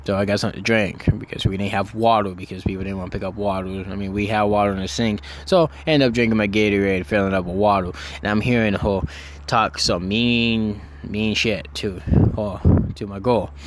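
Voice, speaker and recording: A young man in a casual storytelling mode, talking fast with mid-range pitch. He rambles and restarts, swears freely and gets worked up as he goes. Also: background noise. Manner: excited, rambling, heavy swearing. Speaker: vlogger.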